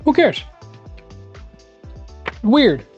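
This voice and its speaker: A man's voice: very high voice, big pitch swings, drawn-out words, highs cut off. A man rambling sarcastically and animatedly in casual chat while he cooks live in his home kitchen. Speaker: live-streaming home cook. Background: faint music.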